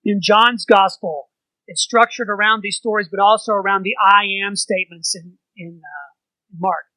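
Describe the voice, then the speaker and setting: A man's voice: sits high, fairly even intonation, normal speed, sharp tone, no room sound, poor audio. A man leading an informal church Bible study, talking conversationally and putting questions to the group.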